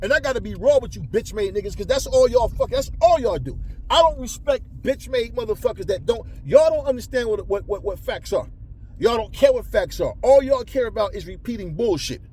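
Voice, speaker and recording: A man's voice: very high-pitched, animated, a little fast, darkish tone, a little hiss or hum. A man delivering a heated, profane rant about boxing to his viewers, often stumbling and repeating words. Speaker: boxing commentator. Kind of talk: ranting monologue to viewers.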